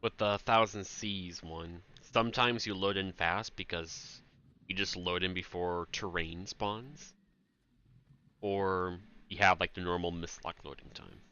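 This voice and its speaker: A man's voice: deep voice, fairly even intonation, measured pace, pushed and bright, smooth, muffled recording. A man streaming an online game, muttering to himself and calling out raid mechanics in casual commentary.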